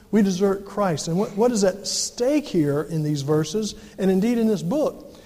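A man's voice: high-pitched, mellow, long reverb tail. A male pastor preaching a sermon, reading scripture and then explaining it with emphatic delivery. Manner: emphatic preaching, acts out quoted voices.

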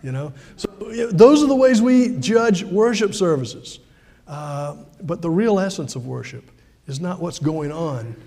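Male pastor, high mellow voice, chatty sermon in a reverberant church. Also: creaky. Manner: conversational preaching with frequent fillers and restarts.

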